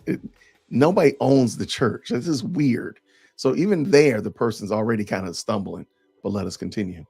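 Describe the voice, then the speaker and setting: Podcast guy w a gravelly husky voice, emphatic and a bit sarcastic, faint music behind. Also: on the low side, darkish tone. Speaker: podcast host. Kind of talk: casual commentary reading comments.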